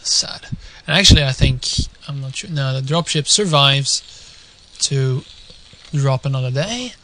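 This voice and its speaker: A young man with a Dutch accent casting a video game live, drifting from quiet musing to shouted excitement. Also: mid-range voice, unhurried, slight background noise. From Netherlands. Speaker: game caster.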